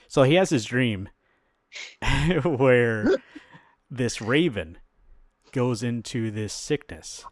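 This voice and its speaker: A man's voice: mid-range voice, drawn-out words, long pauses, no echo, studio quality. A man co-hosting a podcast, casually retelling a comic book plot, acting out the characters' lines and swearing now and then. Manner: animated storyteller, acts out quotes, swears casually. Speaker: podcast co-host.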